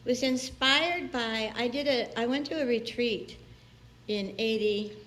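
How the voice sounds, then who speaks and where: The background here is noisy, and the woman's fairly high voice runs a little slow. She's a guest minister giving a chatty, personal sermon in a church sanctuary, laughing frequently and dramatizing the people she quotes.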